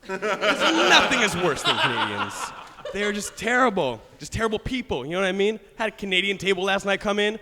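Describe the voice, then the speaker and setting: A man's voice: high voice, brisk, gravelly, sharp tone, a little hiss or hum. A young man performing a stand-up comedy set, brash and crude, laughing at his own jokes. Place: studio stage with live audience. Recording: live audience with long hall reverb.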